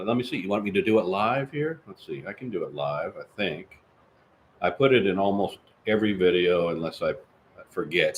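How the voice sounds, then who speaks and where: A man's voice: low voice, a little hiss or hum. A man hosting a live podcast in casual, jokey, rambling chat, reading out viewer comments. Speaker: podcast host.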